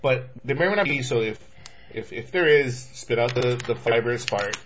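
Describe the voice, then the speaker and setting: A man's voice: mid-range voice, normal speed. A man hosting a casual snack-tasting chat with friends, rambling and laughing easily. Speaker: host. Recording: lo-fi with steady noise.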